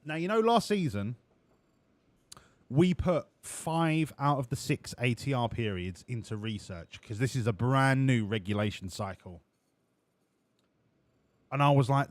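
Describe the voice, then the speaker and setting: A man's voice: medium pitch, expressive, unhurried, pauses often, dry recording. A man doing live-streamed gameplay commentary, profane, jokey and rambling. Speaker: game streamer.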